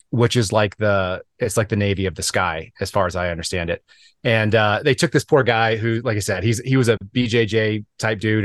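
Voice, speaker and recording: A man hosting a podcast interview, chatting freely and telling long, lively stories. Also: fairly low pitch, dry recording. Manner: lively rambling storyteller. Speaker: podcast host. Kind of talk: conversational interview.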